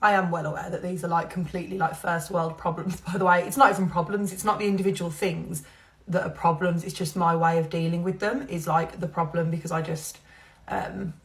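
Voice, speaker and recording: A young woman chatting candidly while doing her makeup, rambling openly about her feelings and laughing between thoughts. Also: on the low side. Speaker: social media creator. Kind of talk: confessional get-ready-with-me chat.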